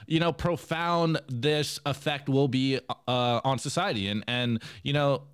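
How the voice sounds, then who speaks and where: Laid-back man, smooth voice. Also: medium pitch, fairly even intonation, a little slow. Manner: rambling, laid-back, heavy filler words. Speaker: podcast co-host. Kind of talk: casual chat.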